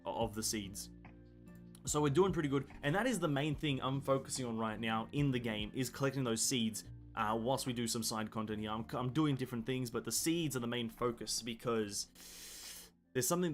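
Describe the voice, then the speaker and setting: Male streamer, casual rambling chat over faint music, mid pitch. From Australia. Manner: rambling, restarts and corrects himself, reads chat aloud. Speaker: gaming streamer.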